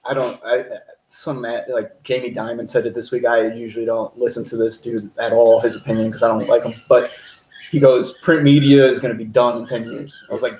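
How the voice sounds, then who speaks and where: A man's voice: mid-range voice, level tone, a little fast, a little mellow, a little hiss or hum. A man co-hosting a podcast, giving his views in a blunt, profane, emphatic way. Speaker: podcast co-host. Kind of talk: casual opinionated podcast chat. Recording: echoey room.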